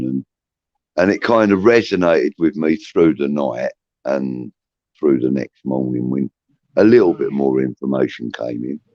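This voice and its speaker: Very deep gravelly man. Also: mellow, no room sound, dull audio. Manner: rambling, many restarts and swearing. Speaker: livestream host reading chat comments. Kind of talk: casual livestream chat. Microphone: phone.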